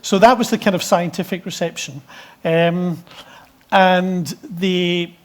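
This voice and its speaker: A middle-aged man from Scotland presents findings to a meeting of experts in a slightly raised voice. He keeps stopping to restart his phrases and fills the gaps with ums, but his explanations stay dry and measured. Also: high-pitched, steady tone. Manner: hesitant, many restarts and fillers. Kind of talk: conference presentation.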